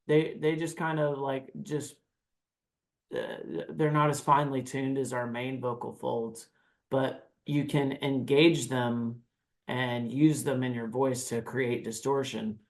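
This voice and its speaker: A man on a podcast breaking down screaming techniques in a casual, animated way, now and then demonstrating growls and screams. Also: medium pitch, slow. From United States. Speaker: guest vocalist. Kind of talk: podcast interview, explaining vocal technique.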